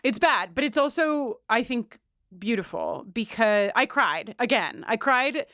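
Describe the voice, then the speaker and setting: A woman's voice: a little high, expressive, unhurried, fairly bright tone, no room sound, clean studio sound. A woman co-hosting a podcast, talking earnestly in a casual, emotional way, with many restarts and fillers. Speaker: podcast co-host.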